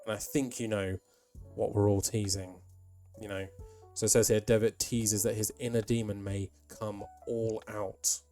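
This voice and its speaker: Faint music plays behind a young man whose lowish voice stays level, unhurried and mellow. He rambles casually over a wrestling management game in let's-play style, dropping lots of ums and side comments.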